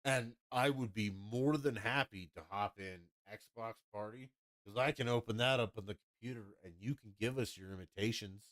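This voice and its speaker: A man's voice: lowish voice, moderate pace, fairly bright tone, no room sound, clean studio sound. A man chatting casually to his livestream audience in a blunt, rambling, profane way. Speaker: streamer.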